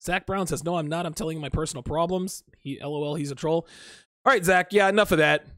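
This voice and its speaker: A man's voice: fairly high pitch, fast talker, a bit bright, no echo, studio quality. A grown man hosting a casual livestream, reading chat comments aloud and answering them bluntly and profanely, often laughing. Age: adult.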